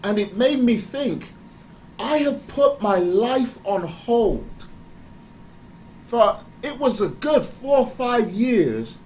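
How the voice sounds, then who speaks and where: A man giving a candid motivational talk, animated and confessional, often breaking into laughter. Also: very high voice, slow, a little hiss or hum, poor audio. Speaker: speaker.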